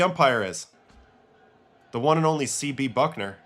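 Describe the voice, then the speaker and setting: A man, a former pitcher, hosting a casual livestream, chatting and reacting to baseball clips and chat questions. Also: expressive, normal speed, fairly bright tone.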